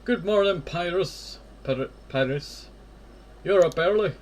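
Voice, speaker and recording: A woman's voice: fairly low pitch, lively intonation, slow pace. A man voicing a cheerful young woman who delivers newspapers with her dog, in an upbeat put-on accent.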